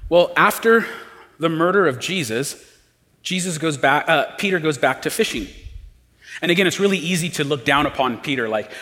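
A man's voice: lively intonation, normal speed. Earnest man preaching in a reverberant hall. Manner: earnest, rising to emphatic pleas and dropping low and quiet. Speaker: pastor. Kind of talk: sermon.

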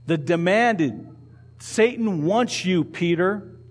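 Pastor guy preaching, pretty high voice, chatty, keeps asking the crowd stuff and repeating himself. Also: animated, slow pace. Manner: conversational, asks the congregation questions, repeats key phrases. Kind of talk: sermon. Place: church.

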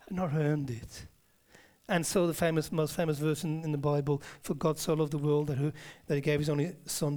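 Preacher who drops to near-whispers. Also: male voice, a little high, a little mellow. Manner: emphatic, dropping to a near-whisper on key words; conversational asides to the congregation. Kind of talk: sermon.

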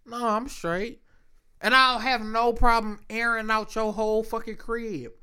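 A man co-hosting a podcast, telling stories in casual chat, profane and animated. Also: high-pitched, measured pace, clear, resonant tone. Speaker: podcast co-host.

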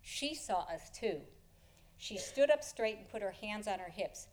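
A woman telling a personal story before an audience, expressive and often chuckling as she tells it. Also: medium pitch, measured pace.

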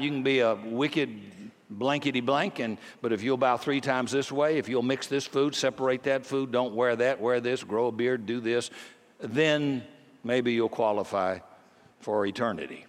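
An older man preaching a sermon, telling a story with a voice that swings from hushed to emphatic. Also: medium pitch, a little slow, big-room sound. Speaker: pastor.

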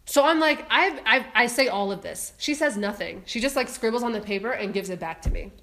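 A woman chatting casually, telling a frustrated story with lively exasperation and frequent laughter. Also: fairly high pitch, fairly quick. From Ethiopia. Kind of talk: casual chat.

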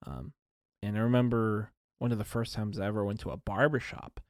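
A young man hosts a casual solo podcast, rambling and making self-deprecating remarks with lots of fillers and restarts. His fairly low, slightly mellow voice moves at a brisk pace with fairly even intonation, in a dry, clean studio recording.

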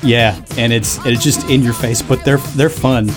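A man's voice: mid-range voice, fairly even intonation, moderate pace, music in the background. Rambling, laughing man hosting a podcast. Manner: rambling, laughing, jumps into sung bits. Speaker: podcast host. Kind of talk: casual chat.

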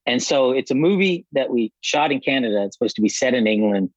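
A man who directs films, guesting on a podcast and telling stories in a relaxed, reflective way. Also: mid-range voice, quick pace, dry recording, dull audio. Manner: relaxed, reflective, many fillers. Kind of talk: casual interview chat.

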